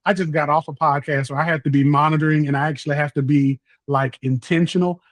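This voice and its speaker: A man's voice: a little high, steady tone, fast, no echo. Exuberant Southern man, dry sound. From North Carolina, US. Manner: exuberant, talkative, playful. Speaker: podcast guest, content creator. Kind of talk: casual chat.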